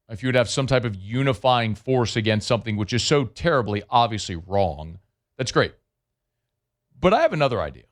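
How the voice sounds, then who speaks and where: A middle-aged sports talk radio host broadcasts from the studio in a medium-pitched voice. His delivery is animated and emphatic, rising and falling.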